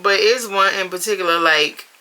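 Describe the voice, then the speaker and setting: A woman's voice: medium pitch, moderate pace, bright, forceful tone, poor audio. A woman, talking casually to camera at home in a vlog, chatty and playful, laughing as she goes. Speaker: vlogger. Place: home room with the heat running.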